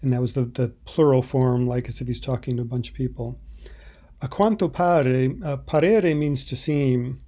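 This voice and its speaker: A man teaching Italian, explaining subtitle translations in a halting, thoughtful way. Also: mid-range voice, steady tone, mellow.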